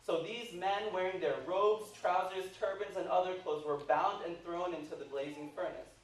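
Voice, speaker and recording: A man preaching a sermon, retelling a scripture story with animated asides, recorded in a church. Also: sits high, normal speed. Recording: echoey church hall, mic at a distance, faint hiss.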